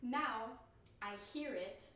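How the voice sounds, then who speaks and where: A woman's voice: on the high side, slow, bright, forceful tone. A woman whose first language is French, talking casually and thinking aloud in a self-deprecating vlog. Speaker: language learner vlogger. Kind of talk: casual explanatory vlog talk. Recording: very echoey room, distant mic, faint noise.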